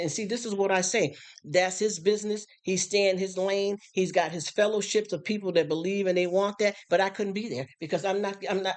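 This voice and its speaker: A preacher giving informal street-style preaching on a live stream, speaking conversationally and repeatedly checking in with the listeners. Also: mid-range voice.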